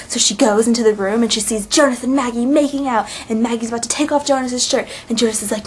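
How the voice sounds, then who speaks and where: A woman casually recapping a web series episode, chatty and sarcastic, full of "like" and quick eye-rolling asides. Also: fairly high pitch, steady tone, a little hiss or hum.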